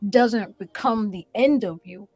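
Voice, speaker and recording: A woman's voice: medium pitch, measured pace, dark tone, breathy edge, no echo, soft background music, rough recording. A woman guest giving her testimony in an interview, earnest and preacherly, repeating phrases for emphasis, from a small room at home.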